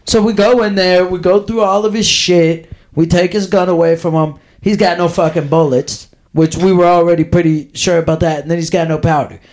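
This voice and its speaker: A man's voice: sits high, steady tone, a little fast, darkish tone. A young man telling a wild party story on a podcast, crude and laughing as he goes. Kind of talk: casual storytelling.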